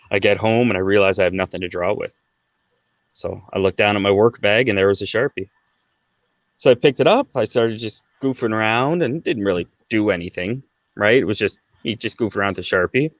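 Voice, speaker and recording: A man's voice: lowish voice, dry recording. Man telling his story, dull dry sound. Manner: conversational, fillers like "right?" and "like". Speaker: podcast guest. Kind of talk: casual storytelling.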